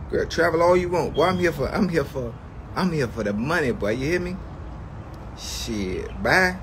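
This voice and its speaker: A man's voice: fairly high pitch, a bit bright. A man ranting to his livestream chat in a comedic, mock-outraged way, slangy and profane, repeating lines for effect.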